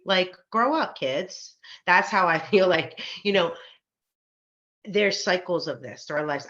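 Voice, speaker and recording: A woman co-hosting a podcast and telling a personal faith story in a casual, animated way, acting out the voices she quotes and laughing often. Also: deep voice. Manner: faith-centered, frequent fillers like um and like. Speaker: podcast co-host. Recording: slightly dull, lo-fi podcast recording.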